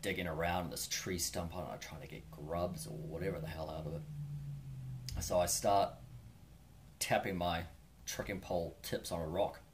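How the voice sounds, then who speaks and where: New Zealand man, deep voice, laid-back wry storyteller, faint hiss in the background. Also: bright, forceful tone. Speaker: hiker vlogger. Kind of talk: casual storytelling.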